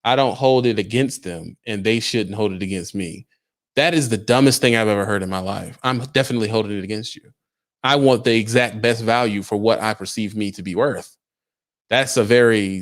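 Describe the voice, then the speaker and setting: A man's voice: mid-range voice, fairly bright tone. A young adult man, a truck driver, talking casually on a livestream, firing emphatic rhetorical questions at his viewers.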